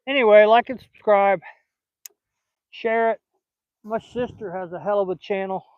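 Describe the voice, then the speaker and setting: A man's voice: high voice, fairly even intonation, unhurried, no room sound, phone-quality sound. An older man with a Southern US accent, rambling in a folksy, casual way while fishing outdoors at a lake. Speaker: fishing vlogger.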